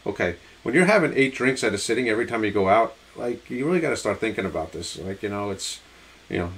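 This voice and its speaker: Low gravelly male co-host with a Long Island accent, chatty and loose. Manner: chatty, animated when quoting himself. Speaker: podcast co-host. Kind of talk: casual chat.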